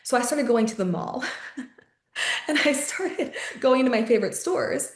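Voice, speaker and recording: A young adult woman hosting a podcast, telling a personal story in casual chat, heavy on fillers, swearing and quick laughs. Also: fairly high pitch, expressive, reverberant. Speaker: podcast host.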